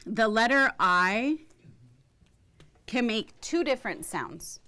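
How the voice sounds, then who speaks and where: A woman teaching a language class, slowly modeling vowel sounds and asking students questions. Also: on the high side, expressive, bright, forceful tone, a little hiss or hum.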